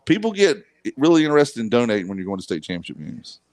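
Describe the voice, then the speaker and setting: A man's voice: medium pitch, sing-song, quick pace, darkish tone, dry recording. Joking radio host man. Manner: joking, bantering. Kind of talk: live sports radio talk. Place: live at a high school football scrimmage.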